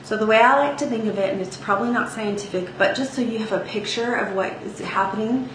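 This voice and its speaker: A woman's voice: a little high, fast. A woman teaching a singing lesson, speaking casually with sung demonstrations and frequent "okay?" check-ins. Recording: echoey room with faint ambient noise.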